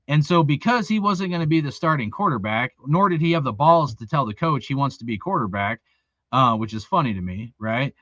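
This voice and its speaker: Profane ranting man, bright edgy voice. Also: mid-range voice, expressive, fairly quick, no echo, highs cut off. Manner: heated, profane, repetitive "dude" and "bro". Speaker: youth football volunteer coach, show host.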